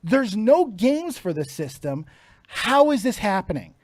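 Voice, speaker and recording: A man's voice: sits high, measured pace. A middle-aged man co-hosting a casual podcast, swearing freely and laughing often. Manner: profane, laughs often, excitable. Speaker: podcast co-host.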